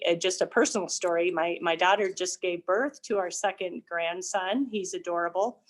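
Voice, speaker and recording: An older woman, a family counselor, explaining parenting ideas in an earnest casual discussion. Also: on the low side. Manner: earnest, explanatory, some restarts.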